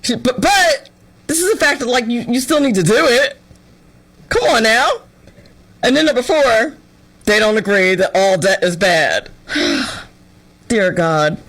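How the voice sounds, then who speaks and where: Woman talk host, sarcastic and exasperated, voice swooping widely, bright and forceful. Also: a little high, sing-song, a little slow, pauses often, rough recording. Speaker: radio show host. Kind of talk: opinionated talk-show commentary.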